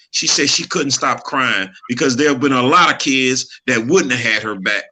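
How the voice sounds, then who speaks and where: A man's voice: medium pitch, normal speed, hardly any pauses, sharp tone. A middle-aged man telling a personal story in casual chat, earnest and preachy, laughing easily. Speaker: podcast co-host.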